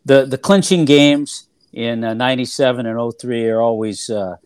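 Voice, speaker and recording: An older man, a former ballplayer turned TV analyst, telling stories in a relaxed interview with many fillers and restarts. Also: mid-range voice, normal speed, smooth, no echo, studio quality. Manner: rambling, filler-heavy recollection with frequent restarts. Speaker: former player and TV analyst, guest.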